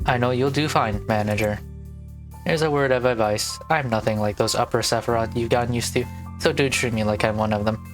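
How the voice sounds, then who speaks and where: Brief: man doing cold twin officials, flat monotone delivery, mid-range pitch. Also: moderate pace, faint music behind, close to an everyday voice. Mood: dismissive. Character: aloof young twin department heads, blunt. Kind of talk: gaming let's play, reading dialogue.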